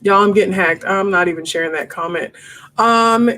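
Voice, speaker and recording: At her home desk, a woman runs a homeschooling live Q&A, speaking frankly and casually and addressing her viewers as y'all. Her medium-pitched voice is bright and forceful, moving at a moderate pace.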